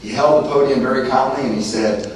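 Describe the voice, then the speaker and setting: A man with a Southern Californian accent sharing his recovery story at a meeting, self-mocking and animated, acting out the voices in his story. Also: mid-range voice, brisk. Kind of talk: personal recovery talk. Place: meeting room. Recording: distant mic in a roomy, noisy hall.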